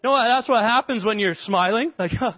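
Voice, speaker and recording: A male pastor preaching a sermon, telling stories in an animated way and laughing often. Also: high voice, a little fast, no echo. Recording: dull lo-fi dry sound.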